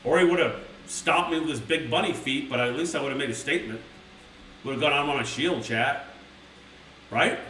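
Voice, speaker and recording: A man's voice: mid-range voice, moderate pace, a bit bright, a little hiss or hum. A man streaming, reading a children's book aloud to his live chat with crude, rambling, mock-outraged asides. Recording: roomy sound from a distant mic.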